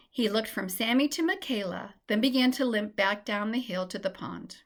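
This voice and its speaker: A woman reading a children's storybook aloud in a gentle, expressive way. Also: mid-range voice, normal speed, hardly any pauses.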